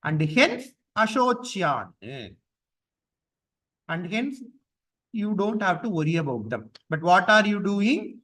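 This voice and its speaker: A man teaching a class on scripture verses. He explains each point patiently with repetition and chants the verses slowly. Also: sits high, lively intonation, fairly bright tone, poor audio.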